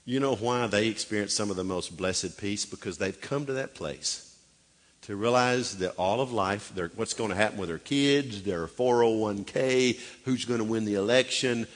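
A middle-aged man preaching a sermon, swinging from loud, urgent exhortation to hushed, intimate storytelling. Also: on the low side, moderate pace, big-room sound. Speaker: pastor.

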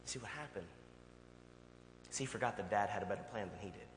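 A male pastor preaching a sermon and telling a personal story in a conversational, animated way. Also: on the low side, fast. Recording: long hall reverb, faint hum.

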